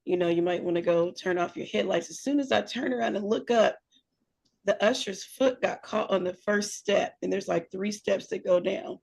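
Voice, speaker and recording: Female co-host, animated storyteller, slight vocal fry, casual delivery. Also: mid-range voice, moderate pace. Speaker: podcast co-host.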